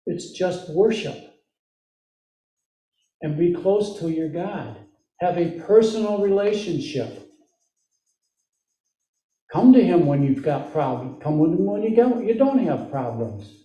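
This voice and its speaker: A man's voice: high voice, lively intonation, slow pace, pauses often, mellow. A man with a Midwestern American accent giving a conversational sermon, full of questions to the congregation and joking asides. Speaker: lay preacher. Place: church sanctuary. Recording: echoey church room, mic at a distance.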